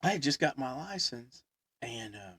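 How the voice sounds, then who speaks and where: A man's voice: mid-range voice, very animated, moderate pace, a bit bright, breathy edge, dry recording, clean studio sound. A man telling a story in casual chat, rambling with many fillers and laughing as he talks. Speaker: podcast guest storyteller.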